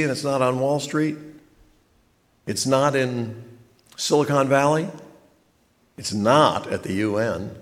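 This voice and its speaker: A man preaching a sermon with dry humor, asking questions and answering them himself. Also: medium pitch. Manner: wry, asks and answers his own questions. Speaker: pastor. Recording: long reverb of a large hall.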